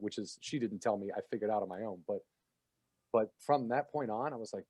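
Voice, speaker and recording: A guest comedian on a podcast tells stories in casual interview chat, acting out other people's lines and laughing as he talks. His voice is on the low side and a little fast, with no room sound.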